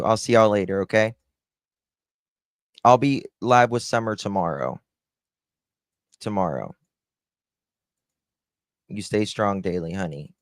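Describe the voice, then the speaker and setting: Low-voiced male stream host, blunt and sarcastic, cusses freely, dry close sound. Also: no echo. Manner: blunt, sarcastic, swearing, chatting to viewers. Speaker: live-stream true-crime host. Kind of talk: casual live-stream commentary.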